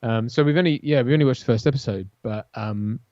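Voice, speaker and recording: A man's voice: medium pitch, fast talker, mellow, no echo. A British man co-hosting a casual chat, talking in hesitant, wordy stretches with dry humour. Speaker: podcast co-host. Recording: slightly dull sound.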